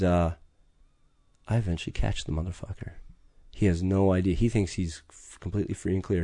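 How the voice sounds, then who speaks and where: Middle-aged man; low, mellow voice; intense, profane, urgent storyteller; dry recording. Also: dry recording. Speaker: podcast guest. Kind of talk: storytelling in conversation.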